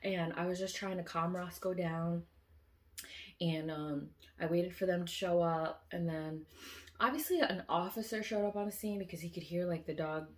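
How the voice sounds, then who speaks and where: A woman telling a long dream story in a casual, rambling way, full of fillers and restarts, who loudly acts out her own quoted lines. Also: fairly low pitch, normal speed. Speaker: vlogger recounting a dream.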